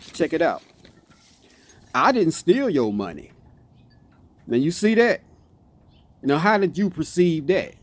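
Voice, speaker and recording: A man's voice: a little high, darkish tone, no room sound. A man speaking in a casual, impassioned off-the-cuff monologue, repeating himself and stumbling into restarts. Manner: passionate, repeats "you see what I'm saying", stumbles and restarts. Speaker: motivational speaker.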